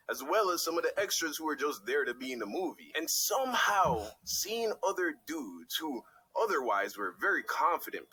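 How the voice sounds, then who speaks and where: A young man telling a comic, self-deprecating story about himself in an expressive way. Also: mid-range voice, husky, rough recording. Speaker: storyteller in a watched video. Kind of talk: animated storytelling narration.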